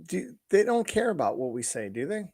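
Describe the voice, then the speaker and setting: A man's voice: sits high, very animated, fairly quick, darkish tone, no room sound, clean studio sound. A man co-hosting a podcast, chatting casually with short, profane replies. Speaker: podcast co-host.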